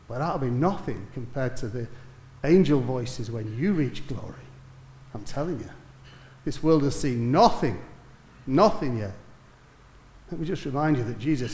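A man preaches with a mid-range voice, telling stories that climb to loud, emphatic peaks before falling to hushed asides. His voice rings through an echoey room. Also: mid-range voice, animated, moderate pace. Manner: storytelling, rising to emphatic peaks then dropping soft. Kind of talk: sermon.

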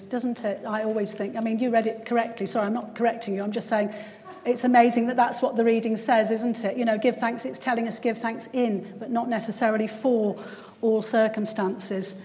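Woman, conversational church speaker, slightly high voice, reverberant hall. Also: fairly even intonation, normal speed, a little mellow. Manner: conversational, frequent tag questions. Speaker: Christian speaker and GP. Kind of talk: church talk.

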